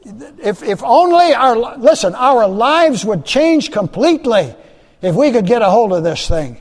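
Guy preaching a sermon, pretty high voice, repeats lines for punch, big echoey church hall. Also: very animated, a little slow. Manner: emphatic preaching, repeats phrases, rising and dropping loudness. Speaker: pastor.

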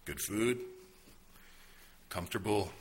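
A man's voice: on the low side, slow, slight background noise. A man preaching a sermon, telling a story and asking rhetorical questions in an earnest manner. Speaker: pastor.

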